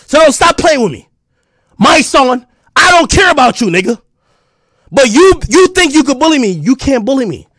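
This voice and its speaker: High-pitched man in a shouting rant. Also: dry recording, clean studio sound. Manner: confrontational, profane, bursts into shouting. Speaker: streamer. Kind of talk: angry livestream rant.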